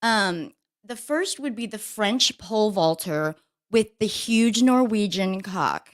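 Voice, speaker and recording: A woman co-hosting a casual talk show, telling stories in a brash, profane, animated way. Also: medium pitch, takes it slowly. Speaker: co-host.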